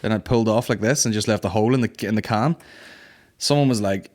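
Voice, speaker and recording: Sweary low-voiced man telling stories. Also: fast talker, darkish tone. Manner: sweary storytelling, acting out quoted voices. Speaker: podcast host. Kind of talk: casual comedic monologue.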